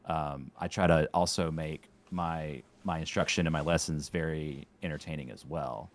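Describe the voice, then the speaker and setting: Very deep-voiced dry, sarcastic man. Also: steady tone, moderate pace. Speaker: podcast guest, tennis instructor and streamer. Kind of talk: casual interview chat.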